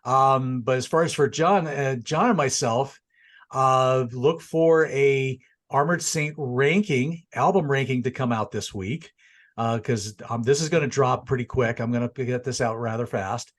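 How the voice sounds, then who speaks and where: A man's voice: medium pitch, unhurried. A man hosting a casual music and wrestling review show, talking in a rambling, laid-back way with frequent restarts. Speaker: show host.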